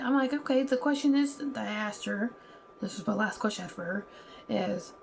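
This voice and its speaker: Casual vlogger, female, gravelly voice, candid heated monologue, faint background hiss. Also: medium pitch, normal speed. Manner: candid, heated, acts out other people's lines.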